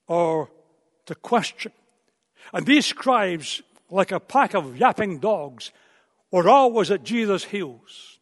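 A high-pitched male preacher delivers a sermon, telling the story and sometimes repeating words as he presses a point. His voice carries a long reverb, as if recorded in a large church hall.

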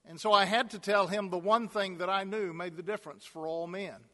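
A man's voice: sits high, steady tone, brisk, few pauses, pushed and bright. A man preaching a sermon, telling a personal story and building to emphatic repeated calls. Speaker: pastor. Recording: long hall reverb.

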